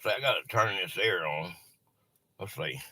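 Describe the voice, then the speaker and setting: A man's voice: deep voice, expressive, moderate pace, vocal fry, pushed and bright, no echo. A man hosting a live stream, chatting casually and greeting viewers by name.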